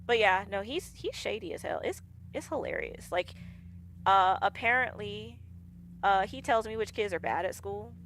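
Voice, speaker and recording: A woman streaming a game tells casual stories, laughing often and acting out what others said. Her medium-pitched voice is a bit bright, with lively intonation at a moderate pace. A little hiss or hum is audible alongside faint game music.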